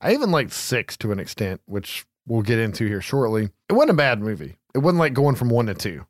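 A podcast host with a mid-range voice briskly recaps a film's plot in casual chat. He swears freely and laughs as he tells the story, animated and profane. The recording is dry and studio quality.

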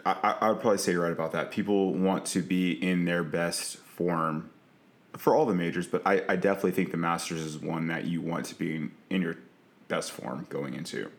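A man's voice: low voice, fairly even intonation, a little fast. A young man co-hosting a podcast, easygoing and agreeable, often repeating words as he starts. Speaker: podcast co-host. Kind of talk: casual chat.

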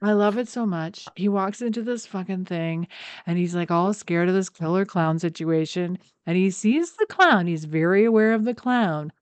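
A woman co-hosting a casual podcast, recapping a TV episode with animated storytelling. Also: lowish voice, moderate pace, clear, resonant tone, no echo. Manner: animated, acts out scenes in quoted voices. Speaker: podcast co-host.

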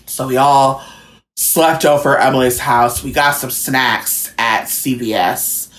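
A woman's voice: a bass voice, steady tone, a little slow, fairly bright tone. A woman co-hosting a podcast, telling stories in a casual, laid-back way. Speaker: podcast co-host. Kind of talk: casual chat.

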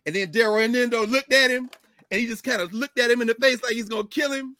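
A middle-aged man, a professor, giving animated, emphatic conversational commentary, digressing often and breaking into laughter. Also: very high voice, fast talker, dry recording.

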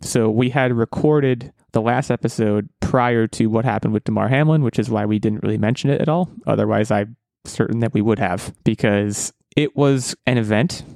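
A man's voice: mid-range voice, moderate pace, creaky, a little mellow, dry recording. A man in his thirties hosting a podcast, chatting casually in a self-deprecating, rambling way with frequent restarts. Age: 30s. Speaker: podcast host.

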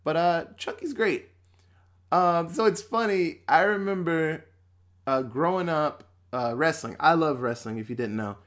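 Guy in his 30s on a podcast, kinda higher voice, swears a lot, loose and chatty. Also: unhurried, fairly bright tone. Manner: loose and profane, acts out quotes. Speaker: podcast host. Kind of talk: casual chat.

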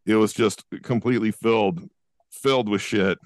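A man's voice: lowish voice, fairly even intonation, normal speed, dry recording, studio quality. A man co-hosting a casual chat podcast, laid-back and blunt, swearing freely. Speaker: podcast co-host.

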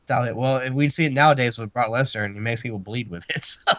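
A man's voice: medium pitch, fast, bright, forceful tone, dry recording, dull audio. A man co-hosting a podcast, giving a casual, rambling play-by-play recap of a wrestling match and laughing often. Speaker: podcast co-host.

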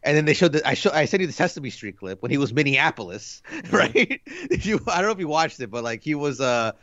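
A man's voice: fairly high pitch, big pitch swings, a little fast, fairly bright tone, dry recording, dull audio. A man in his thirties co-hosting a podcast, chatting casually in a rambling, laid-back way full of fillers. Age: 30s. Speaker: podcast co-host. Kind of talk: casual chat.

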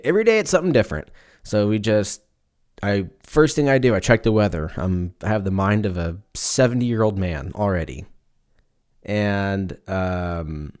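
A man's voice: on the low side, a little mellow. A man in his twenties from Southern California, hosting a casual solo podcast and rambling, joking and swearing freely. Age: 20s. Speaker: podcast host.

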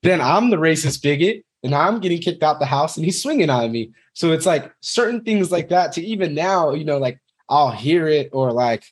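A man's voice: a little high, expressive, normal speed, few pauses, husky. A man in his thirties, a podcast guest, telling his personal story candidly and in a rambling way, cursing now and then. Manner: rambling, frank, curses casually.

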